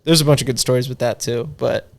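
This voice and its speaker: A man's voice: medium pitch, fairly even intonation, fast talker, gravelly. A young man, a podcast guest, telling rambling, profane party stories in casual chat. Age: young adult. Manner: rambling, profane, laughing storyteller. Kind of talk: casual storytelling.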